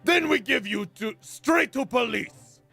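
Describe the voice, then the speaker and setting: A man voicing a gruff, blustering ship officer who bellows commands in broken English. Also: extremely high pitch, animated, measured pace, bright, forceful tone, faint music behind, voice pushed up, full character voice. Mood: bellowing.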